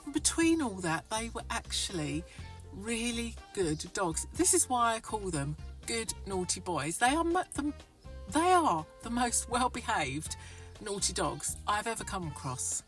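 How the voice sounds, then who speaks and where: A woman's voice: on the high side, very animated, a little slow, a bit bright. A woman in her fifties narrating a vlog in a frank, wry way, with sudden bursts of enthusiasm. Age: 50s. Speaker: vlogger. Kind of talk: voice-over narration. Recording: somewhat distant voice over clear music.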